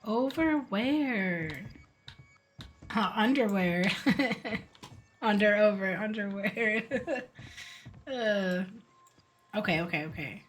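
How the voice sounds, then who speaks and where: A woman streams a game live, chatty and joking with her chat in casual commentary. Her mid-range voice is slow, with long pauses.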